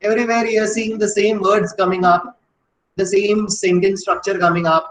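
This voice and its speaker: A male grammar teacher quizzing his class with rapid questions, switching between English, Malayalam and Hindi. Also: high-pitched, steady tone, a bit bright, slight background noise. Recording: echoey classroom.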